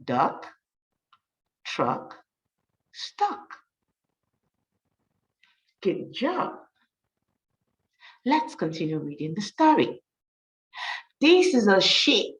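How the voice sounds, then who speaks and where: A woman reading a picture book aloud to young children as a teacher, slowly and encouragingly, stopping to practise rhyming words. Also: mid-range voice, big pitch swings, fairly bright tone, far from the mic, muffled recording. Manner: slow, sing-song and encouraging, praises often. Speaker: storyteller and teacher.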